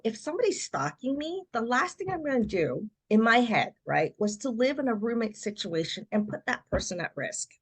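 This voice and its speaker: A middle-aged woman, a podcast guest, telling her personal story in a lively way and acting out what other people said. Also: fairly high pitch, brisk, hardly any pauses. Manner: animated storyteller who acts out quoted voices.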